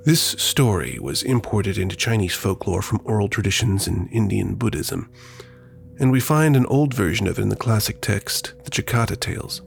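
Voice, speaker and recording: A podcast host narrates from a script in a low, lively voice with a dry, playful touch. His pitch moves a lot through the phrases. Soft music plays underneath. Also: moderate pace, gravelly.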